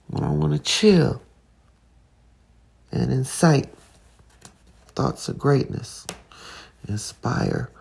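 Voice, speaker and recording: A woman hosting a podcast, speaking in a raw, emotional and confessional way. She drifts between tearful and hushed, and moves into prayer. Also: very deep voice, creaky, a little hiss or hum. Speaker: podcast host.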